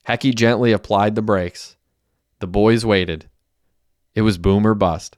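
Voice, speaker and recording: Man, audiobook narrator, steady, plain storytelling, low voice, dry close sound. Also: measured pace, long pauses, no echo.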